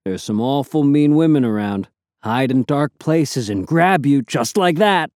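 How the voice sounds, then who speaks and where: A man's voice: mid-range voice, animated, a little slow, darkish tone, dry recording, lightly acted. Brief: a man doing a teasing male lookout, plain mid voice, dry recording.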